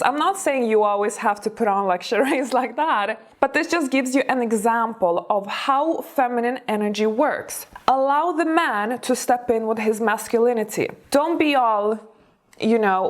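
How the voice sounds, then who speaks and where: A woman dating coach giving chatty, encouraging commentary on TV clips, laughing often. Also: a little high.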